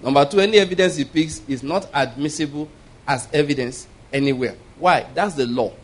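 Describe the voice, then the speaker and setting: Guy preaching, slightly higher voice, emphatic, tells stories and chuckles a lot. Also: brisk, poor audio. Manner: emphatic, storytelling, chuckles often. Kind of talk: sermon.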